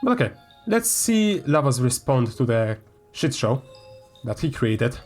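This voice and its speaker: A man's voice: medium pitch, big pitch swings, measured pace, faint music behind. A man, a gaming YouTuber, reads a statement aloud and breaks into heated, swearing commentary. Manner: heated, swearing, flares up loudly. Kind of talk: reading aloud and ranting commentary.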